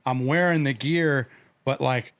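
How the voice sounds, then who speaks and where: A man's voice: medium pitch, unhurried, a bit bright, no room sound. Rambling male podcast host, dry sound. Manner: rambling, many "like" fillers. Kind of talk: casual chat and show intro.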